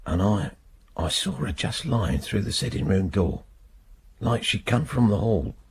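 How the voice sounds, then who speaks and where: An actor playing a British older man freed after many years in prison, telling his story in a halting, bitter way with a husky voice in a radio drama. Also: on the low side, very animated, darkish tone, a little hiss or hum, full character voice. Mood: haunted. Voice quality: gravelly, husky.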